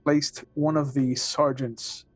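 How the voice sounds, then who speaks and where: A man's voice: medium pitch, little pitch movement, takes it slowly, low-quality recording. A man playing a formal female guard captain.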